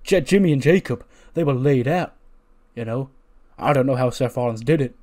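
A man voicing a domineering male wrestling champion who speaks in a measured, condescending way. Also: medium pitch, darkish tone, natural voice. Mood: commanding. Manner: measured and condescending, with repeated "you know". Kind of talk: mock wrestling promo.

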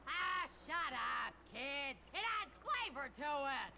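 An actress voicing a gruff, bossy older school cook in a video game who cackles as she gives orders. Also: high-pitched, animated, takes it slowly, pushed and bright, a little hiss or hum, exaggerated voice.

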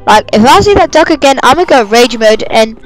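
A gamer giving live let's-play commentary, excitable and given to sudden shrieks and yelps. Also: sits high, brisk. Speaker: gamer playing a chase game. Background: game music.

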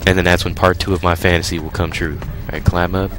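A man's voice: sits low, little pitch movement, quick pace, hardly any pauses, fairly bright tone. A man giving casual game walkthrough commentary, crude and joking, talking back to the game. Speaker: gaming commentator. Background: game music.

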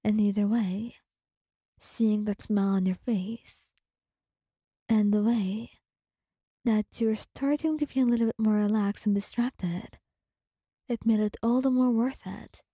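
A woman telling a whispered role-play story in a slow, breathy hush, mellow and soft in tone. Her voice sits close to the mic in a completely dry space with no echo. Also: medium pitch, fairly even intonation. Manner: soft and hushed second-person narration.

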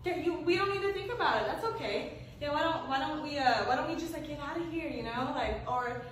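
A woman's voice: high voice, a little fast, a bit bright. A young woman playing a flustered, evasive wife who stalls with fillers, in an amateur skit. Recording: echoey room, far mic, noise.

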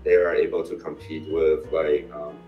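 A man from Taiwan, a guest in a casual interview, talking in a halting way full of fillers and restarts. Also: extremely low pitch, level tone, lo-fi sound. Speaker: interview guest, crypto YouTuber. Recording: roomy echo, mic set far off.

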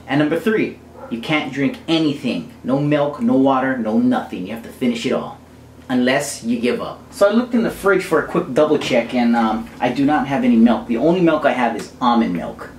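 A man's voice: mid-range voice, lively intonation, brisk, a little hiss or hum. Blunt man vlogging in an echoey room. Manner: blunt, swears freely, talks to the camera. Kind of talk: casual food challenge vlog.

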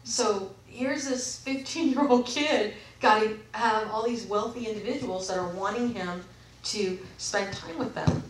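A woman's voice: mid-range voice, far from the mic, a little hiss or hum. A woman vlogger talking casually and reading aloud from books, rambling and often correcting herself. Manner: rambling, with frequent self-corrections. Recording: echoey room, away from the mic.

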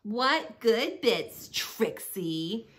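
A woman voicing a tiny, timid female mouse who stammers in fear, pitched up. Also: animated, drawn-out words, fairly bright tone, heavily acted. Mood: frightened. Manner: stammering, frightened.

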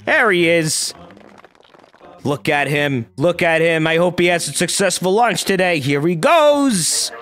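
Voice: mid-range voice, measured pace, fairly bright tone. A game streamer giving casual, joking play-by-play and reading the game's dialogue aloud, swearing freely. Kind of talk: casual let's-play commentary.

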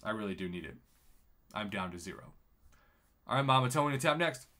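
On a casual live stream of a mobile game, a man with a fairly low voice talks a little fast. He gets excited, laughs, and reads the chat's messages out loud.

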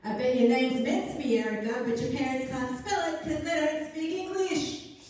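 A woman reading aloud and voicing a young schoolboy bully who yells and mocks, heard in an echoey room from a distance. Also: high-pitched, normal speed, pitched above the performer's own voice, lightly acted. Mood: taunting. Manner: yelling, mocking.

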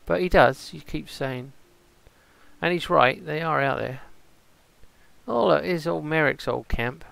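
A man's voice: a little high, unhurried, gravelly, fairly bright tone, no room sound, exaggerated voice. A man playing an easygoing male pirate in a game role-play stream, rambling and musing aloud to himself. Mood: chatty.

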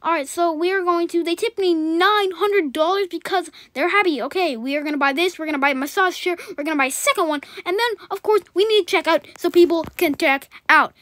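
Very high-pitched, excitable woman gamer. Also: no room sound. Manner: rapid, rambling, excitable. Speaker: gaming channel host. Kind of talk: gameplay commentary.

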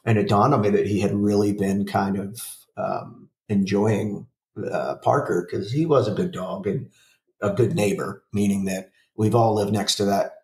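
A man's voice: on the low side, steady tone, moderate pace, darkish tone, reverberant, distant mic. A man in his forties telling a rambling, profane story in a casual podcast chat. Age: 40s. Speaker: podcast co-host.

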